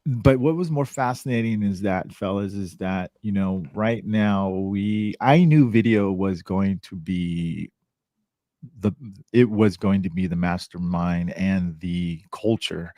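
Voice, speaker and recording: A man guest on a podcast, telling stories in a casual, animated way and acting out the people he quotes. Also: slow, dry recording, clean studio sound. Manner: animated, acts out quoted voices with big pitch jumps. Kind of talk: casual storytelling.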